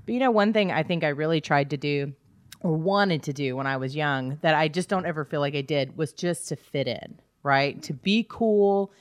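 A woman's voice: low-pitched, normal speed, no echo, clean studio sound. A woman in her thirties co-hosting a podcast, chatting candidly with self-deprecating humor and frequent laughs. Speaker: podcast co-host. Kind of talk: casual chat.

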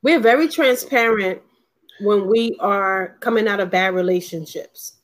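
A woman's voice: medium pitch, unhurried. A woman talking bluntly and emphatically in a casual panel discussion, swearing freely and mimicking others' lines.

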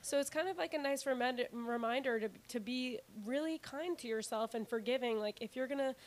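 A woman's voice: high voice, a little fast. Chatty laughing woman co-host. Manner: chatty, laughs often, filler-heavy. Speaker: podcast co-host. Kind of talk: casual chat.

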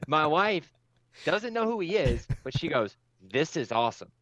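A man's voice: on the high side, sing-song, normal speed, a bit bright, no room sound. Enthusiastic man on a dull, dry podcast mic. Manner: emotional, enthusiastic storytelling. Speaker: podcast co-host. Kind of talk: casual chat. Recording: slightly dull dry sound.

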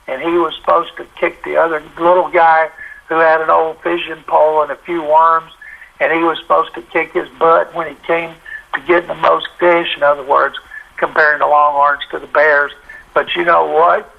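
An older man, a sportswriter guest telling an animated story in a podcast interview and acting out the quotes. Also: a little high, gravelly, phone-quality sound.

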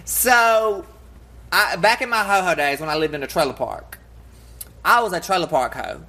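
A woman co-hosting a podcast in casual chat, brash and crude, telling stories loudly. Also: on the low side, normal speed. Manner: brash, crude and loud, animated storyteller. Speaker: podcast co-host.

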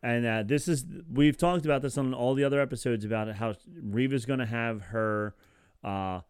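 A man with a smooth, resonant voice chats easily on a podcast. He is talkative and laughs often, slipping into quoted lines as he goes. The sound is dry and close to the mic. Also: medium pitch, moderate pace, a little mellow, no echo. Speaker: podcast co-host. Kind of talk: casual chat.

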